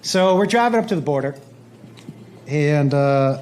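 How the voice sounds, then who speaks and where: High-voiced man telling a stand-up story. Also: measured pace, slight background noise. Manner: animated, acts out quotes with big pitch jumps. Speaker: stand-up comedian.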